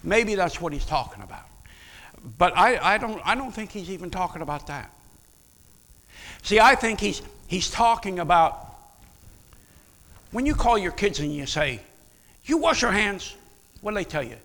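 A male pastor preaches with a high, bright voice, talking conversationally and putting questions to his listeners. The words ring out with the long reverb of a church sanctuary. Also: normal speed, pauses often. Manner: animated, conversational, asks the audience questions. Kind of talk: sermon. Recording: long reverb of a large hall.

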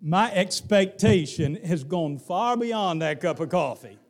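A middle-aged man with a Southern accent preaching a sermon, moving from hushed lines to shouted ones. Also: sits high, animated, a little slow. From Southern United States. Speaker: pastor.

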